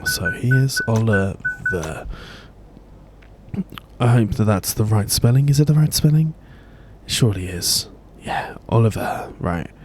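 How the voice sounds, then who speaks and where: A man's voice: lowish voice, wildly swooping pitch, unhurried, background noise. A man narrating his own game playthrough in a chatty, rambling way, often correcting himself. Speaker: let's play host. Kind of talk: gaming commentary. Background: game music.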